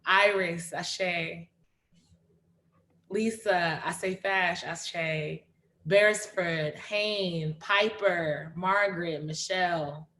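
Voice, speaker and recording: A woman hosting a livestreamed poetry reading, lively and chatty, calling out names and urging the audience on. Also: fairly low pitch, extremely slow, a little hiss or hum. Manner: lively, calls out names and cheers on the chat. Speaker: host of an online reading series.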